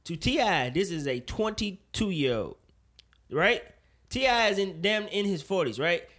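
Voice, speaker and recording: A man co-hosting a loose talk show, his voice bright and set a little high. He argues in an animated, profane way, pushing harder as he makes his point. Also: unhurried. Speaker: podcast co-host. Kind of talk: casual opinion chat.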